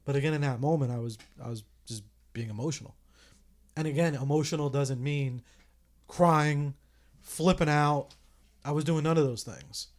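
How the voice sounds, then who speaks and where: A man's voice: fairly high pitch, normal speed. Man, thirties, podcast host, casual chat, candid, reflective, swears freely. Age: 30s.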